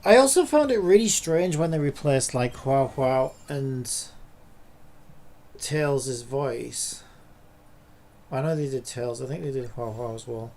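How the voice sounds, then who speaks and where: A man's voice: medium pitch, expressive, slow pace, pauses often, darkish tone. A man streaming a game, chatting casually and rambling with lots of filler words. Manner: rambling, lots of "like" and "you know". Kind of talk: casual commentary while gaming.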